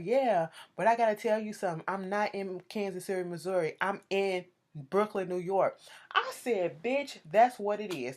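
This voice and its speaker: A woman giving a casual, profane TV recap, sassy and animated, talking straight to her viewers. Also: on the low side. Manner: sassy, animated, swears freely, addresses viewers directly. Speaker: TV show recapper.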